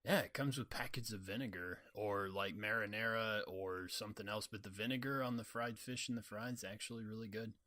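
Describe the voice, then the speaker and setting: A man co-hosting a casual podcast chat, laid-back and quick to laugh. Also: on the low side, sharp tone. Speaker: podcast co-host.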